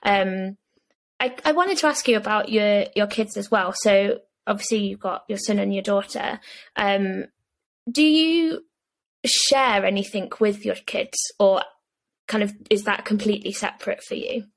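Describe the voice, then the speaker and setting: A woman hosting a podcast, asking gentle questions and sharing her own view in an interview. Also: medium pitch, unhurried, gravelly. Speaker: podcast host.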